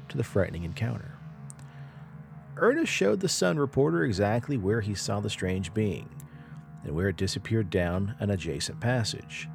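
A man's voice: mid-range voice, gravelly, darkish tone. A man hosting a podcast, telling a spooky story in a dramatic, rising and falling way. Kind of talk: storytelling narration.

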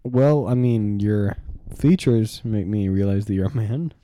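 A man's voice: fairly low pitch, a little slow, warm tone. A young man co-hosting a podcast, playful and teasing, often laughing. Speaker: podcast co-host. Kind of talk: casual comedic banter.

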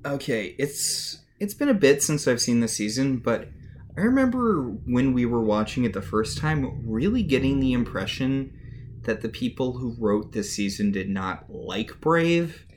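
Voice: medium pitch, lively intonation, measured pace, slight background noise. A podcast co-host recapping a TV episode in casual chat with dry, wry commentary.

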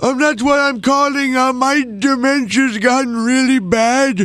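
A man voicing a frail, apologetic older man with dementia on a prank phone call, talking slowly and hesitantly with many ums. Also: very high-pitched, steady tone, a bit bright, dry recording. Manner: slow, hesitant, full of ums.

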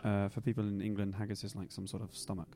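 A man's voice: on the low side, level tone, quick pace, dark tone. A man hosting a live podcast Q&A, who adds brief, wry interjections.

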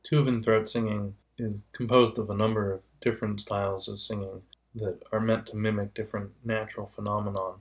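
A man's voice: on the low side, flat delivery, fairly quick. A man giving a casual, patient explanation of how engines and voices make sound. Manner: patient, illustrates with vocal demonstrations.

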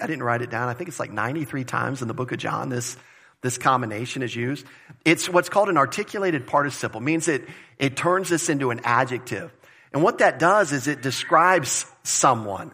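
A pastor preaching a conversational, emphatic sermon, repeating phrases for stress. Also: male voice, mid-range voice, pushed and bright, breathy edge. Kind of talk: expository sermon.

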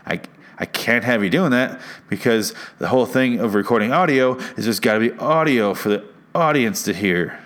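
A man's voice: medium pitch, expressive, normal speed, fairly bright tone. A man hosting a comedy podcast from a studio, talking into a close mic in a rambling, sarcastic, self-mocking way. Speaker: podcast host. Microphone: studio mic with headphones.

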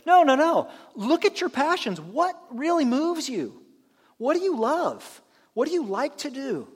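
A man's voice: very high voice, very animated, in a large hall. A man preaching a conversational sermon as pastor in a church, now and then acting out imagined churchgoers. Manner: conversational, acts out imagined churchgoers in quick asides. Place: church sanctuary.

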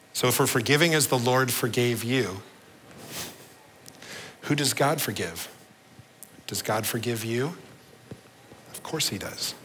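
A male pastor preaching a sermon, earnest, slowing down and dropping his voice low on the key words. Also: a bit bright, slight background noise, low-quality recording.

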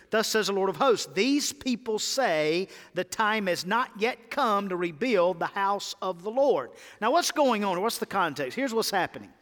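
In a church sanctuary, a male pastor preaches a sermon, drawing his congregation into call-and-response. His delivery swings from emphatic peaks down to quiet, low lines, and the audio carries a big-room sound.

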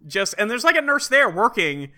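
A man's voice: very high-pitched, sing-song, sharp tone. A man casually recapping a film on a podcast, acting out characters' lines as he goes. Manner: retells scenes, acting out lines in quick put-on voices. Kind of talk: casual chat.

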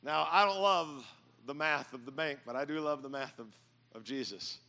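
Middle-aged man pastor, gravelly and bright, jokey animated storyteller preaching to a church crowd. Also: a little high, normal speed. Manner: animated, jokey storyteller, bursts into loud mock yelling. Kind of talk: storytelling sermon. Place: church auditorium with audience.

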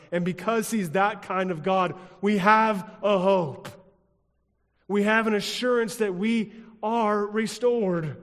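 A pastor delivering a sermon in a rhythmic, repetitive style, dropping at times to a hush. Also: male voice, sits high, big-room sound. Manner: rhythmic, repetitive preaching with dramatic drops to a hush.

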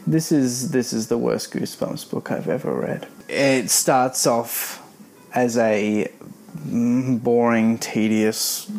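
A man's voice: medium pitch, slow pace, vocal fry, a little mellow, a little hiss or hum. A man giving a rambling, sarcastic spoken review of a children's horror book.

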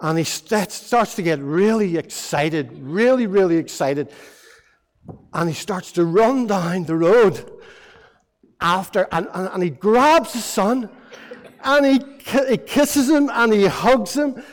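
High-voiced preacher in an echoey hall. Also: male voice, takes it slowly. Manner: lively, playful storytelling to children. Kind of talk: all-age sermon storytelling. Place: church.

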